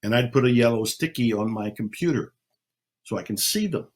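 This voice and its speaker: An older man speaking slowly and calmly, leading a guided meditation with long pauses. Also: medium pitch, slightly rough. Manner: slow, calm, soothing, with long pauses. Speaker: self-help speaker. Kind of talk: slow guided meditation talk.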